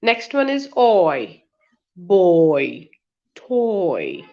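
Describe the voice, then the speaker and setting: A woman leads an online pronunciation lesson at a very slow, deliberate pace. She says each example word several times over. The webinar audio is dull and lo-fi. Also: on the low side, big pitch swings. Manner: slow, drawn-out word drills with repeated examples. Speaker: pronunciation teacher.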